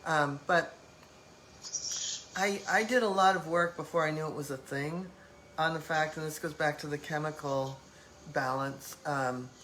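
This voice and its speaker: Woman host, reflective live-stream talk, bright forceful tone, lots of fillers. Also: deep voice, measured pace, slight background noise, low-quality recording. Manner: reflective, loose phrasing with many fillers.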